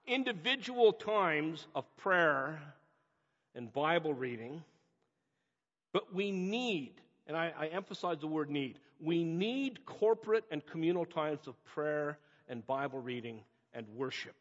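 Preacher, male, high and husky, earnest emphatic delivery; dull recording with long church reverb. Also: animated, unhurried, fairly bright tone. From North America. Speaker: pastor. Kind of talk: sermon.

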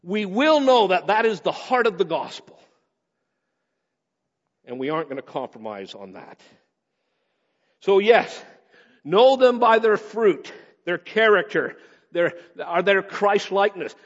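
A male pastor preaching a sermon, swinging between raised emphasis and quick, low asides. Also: big pitch swings. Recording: dull sound with long hall reverb.

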